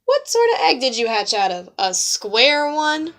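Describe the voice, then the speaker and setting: A woman voicing a flock of fussy farmyard hens in a picture book read-aloud, squawky and excited. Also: sits high, unhurried, full character voice. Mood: mocking.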